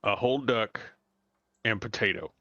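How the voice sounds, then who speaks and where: A man playing a tabletop game, speaking loudly and eagerly. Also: fairly low pitch, normal speed, no echo. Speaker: player. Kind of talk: tabletop role-play. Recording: dull lo-fi sound.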